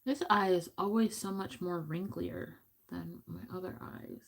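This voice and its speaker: A woman's voice: lowish voice, steady tone, unhurried, creaky. Chatty giggly woman vlogging makeup. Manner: chatty, giggly, goofy asides. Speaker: beauty vlogger. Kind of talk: casual makeup tutorial chat. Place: home room.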